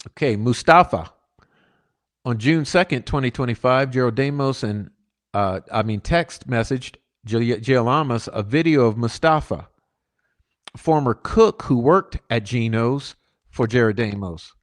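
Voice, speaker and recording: A man's voice: medium pitch, unhurried. A man hosting a crime channel, reading case documents aloud and breaking off into emphatic commentary. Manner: reads flatly, then breaks off into emphatic asides.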